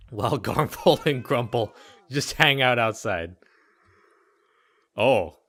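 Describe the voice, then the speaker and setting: Bright-voiced joking gameplay commentator. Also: male voice, mid-range voice. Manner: joking, rambling, talking to game characters. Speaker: let's play host.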